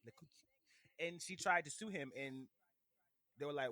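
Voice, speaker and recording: A man co-hosting a podcast, chatting casually in an animated, joking, rambling way. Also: a little high, moderate pace, long pauses, no echo. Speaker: podcast co-host.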